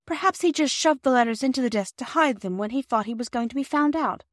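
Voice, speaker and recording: A woman's voice: sits high, lively intonation, quick pace, dry recording, studio quality, voice pushed up. A woman reading a storybook aloud, voicing a distraught young girl in a raised, pleading voice. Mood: earnest. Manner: pleading, tearful.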